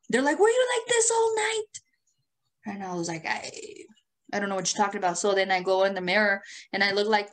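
A woman co-hosting a podcast, telling stories in a casual, profane, laugh-filled chat. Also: medium pitch. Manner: animated, profane storytelling with frequent laughter. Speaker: podcast co-host.

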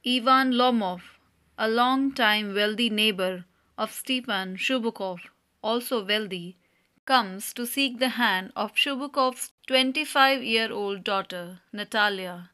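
Woman reading a school play aloud, bright clear voice, steady pace. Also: fairly high pitch, a little slow. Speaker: audiobook narrator.

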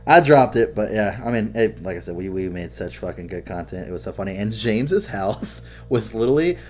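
Over faint background music, a young man co-hosting a gaming podcast talks fairly quickly in a fairly low voice. He's animated and profane, laughing often as he tells stories in casual chat.

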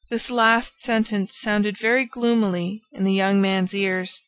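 A woman narrating a classic novel as an audiobook in a steady, even manner. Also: mid-range voice, moderate pace, poor audio. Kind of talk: scripted narration.

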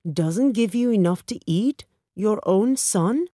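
A woman's voice: mid-range voice, expressive, takes it slowly, warm tone, dry recording, clean studio sound, pitched above the performer's own voice. A woman reading a storybook voicing an old male friend who reacts with shocked indignation. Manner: indignant, incredulous.

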